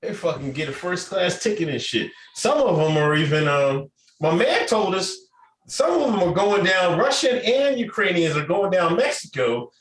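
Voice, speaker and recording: Here a podcast co-host speaks in a high, sing-song voice at a normal pace, chatting casually with plenty of profanity and frequent laughter. The room is echoey, with faint background noise.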